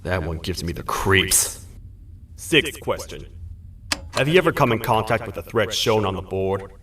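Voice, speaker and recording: Stern toad sheriff. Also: male voice, on the low side, expressive, a little slow, fairly bright tone, recorded from a distance, a little hiss or hum. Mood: suspicious. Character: gruff male toad sheriff of a buried kingdom.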